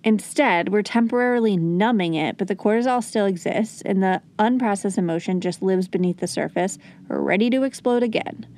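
A woman's voice: medium pitch, moderate pace, few pauses, a little mellow. A woman hosting a parenting podcast, talking earnestly and coaching, at times acting out soothing words to a child. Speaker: podcast host and parenting educator. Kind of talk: conversational teaching talk.

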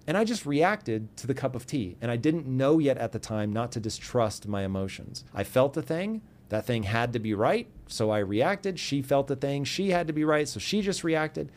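A man telling a personal story as a podcast guest, animated and earnest, acting out both sides of old arguments. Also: mid-range voice, moderate pace, hardly any pauses. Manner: earnest and intense when giving advice.

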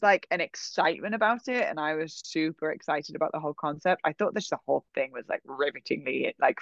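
A woman casually telling a long personal story, full of fillers like "like" and "um", animated in her delivery. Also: lowish voice, no echo, lo-fi sound.

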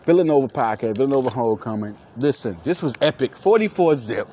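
A man's voice: mid-range voice, lively intonation, fast talker, hardly any pauses, mellow, slight background noise. Hyped-up Philly man podcasting sports. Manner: hype, repetitive, calls listeners "baby". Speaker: podcast host. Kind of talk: excited solo sports podcast.

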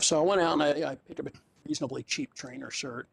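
A man's voice: fairly high pitch, steady tone, quick pace, creaky, husky. A man in his fifties, an interview guest and fitness coach, telling stories in a rambling, profane way with lots of fillers and frequent laughs. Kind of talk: casual storytelling chat.

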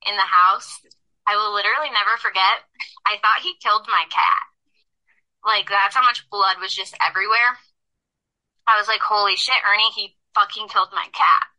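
A young woman telling a personal story as a podcast guest, talking quickly with lots of "like" and swearing. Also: medium pitch, sharp tone. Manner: rapid, heavy use of "like", frequent swearing. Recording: tinny phone-line sound.

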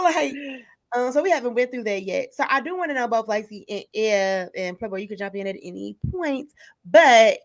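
A woman hosting a casual podcast chat, talking bluntly and animatedly. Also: a little high.

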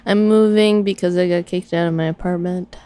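A woman telling a story in a casual chat, animated and acting out the voices of other people. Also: fairly low pitch, fairly quick, a little hiss or hum.

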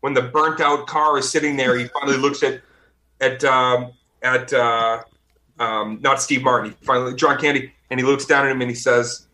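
Bright-voiced man, rambling storyteller. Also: medium pitch, moderate pace. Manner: rambling and animated, with casual profanity. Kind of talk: casual chat and storytelling.

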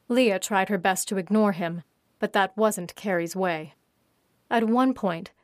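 A woman's voice: mid-range voice, no room sound. Woman reading a story, dry sound. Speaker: author reading her story. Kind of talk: audiobook narration.

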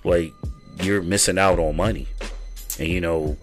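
A middle-aged podcast host from Baltimore, USA, with a mild local accent, speaks in a low, steady voice without hurrying. Soft music plays behind his laid-back, casual chat, and he often repeats himself.

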